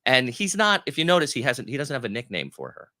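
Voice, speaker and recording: A man's voice: mid-range voice, wildly swooping pitch, quick pace, pushed and bright. A man in a casual chat who agrees easily and gives his own opinions in a talkative way.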